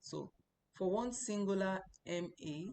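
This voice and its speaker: A woman's voice: medium pitch, a little slow, warm tone, a little hiss or hum. A woman teaching a Chinese language lesson, explaining patiently and repeating sounds for practice. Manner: explanatory, repeats words for practice, chatty asides.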